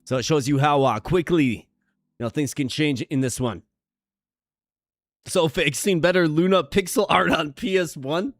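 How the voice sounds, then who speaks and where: A man's voice: a little high, moderate pace, no room sound, clean studio sound, faint music behind. A man streaming a management game live, chatting playfully with his viewers as he plays. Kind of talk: casual live-stream commentary.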